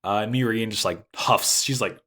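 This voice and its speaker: A man casually recapping an anime episode as podcast co-host, animated and swearing freely. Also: on the low side, breathy edge. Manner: animated, swears freely, acts out characters' lines in quick bursts.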